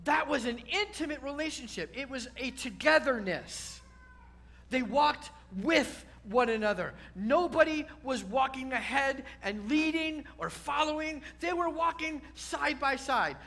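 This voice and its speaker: A man's voice: very high voice, animated, unhurried, bright, forceful tone. A man, a rabbi, preaching a sermon to a congregation, repeating key words and building to emphatic peaks.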